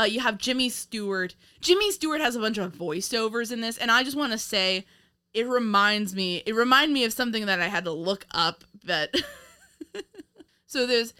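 Bright-voiced woman chatting loosely about a film. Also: mid-range voice, clean tone. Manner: rambling, laughs often, many fillers and restarts. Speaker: podcast co-host. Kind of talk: casual film review chat.

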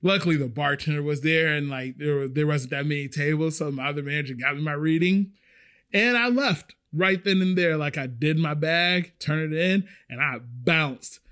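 A man casually telling a story about his restaurant job, animated and swearing freely. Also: fairly high pitch, normal speed. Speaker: restaurant server.

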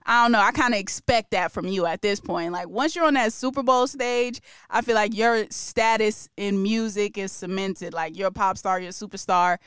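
A woman's voice: mid-range voice, moderate pace, hardly any pauses, fairly bright tone, clean tone, no echo, clean studio sound. A woman hosting a podcast, chatting casually and with strong opinions about music news, laughing often. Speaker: podcast host.

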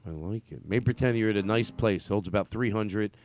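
A man's voice: fairly low pitch, fairly quick, a little mellow, a little hiss or hum. A man hosting a podcast in casual comedic chat, playful and rambling as he teases his guest. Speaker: podcast host.

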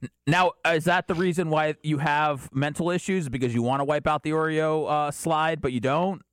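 A man's voice: a little high, steady tone, moderate pace, fairly bright tone, clean tone, dry recording, studio quality. A man co-hosting a podcast, teasing his partner in casual banter and swearing freely. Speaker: podcast co-host.

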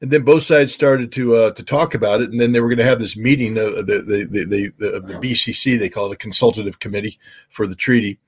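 Husky-voiced former weapons inspector. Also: male voice, on the low side. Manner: halting with many fillers, lively when quoting others. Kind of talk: expert commentary.

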